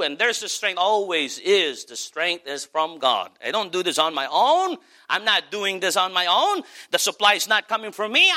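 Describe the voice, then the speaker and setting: A man preaching with a sharp, bright voice that leaps up and down in pitch. He is emphatic, shouting one moment and dropping to soft asides the next, and sits a little higher than most men. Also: big pitch swings, moderate pace, hardly any pauses. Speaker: pastor. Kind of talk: sermon.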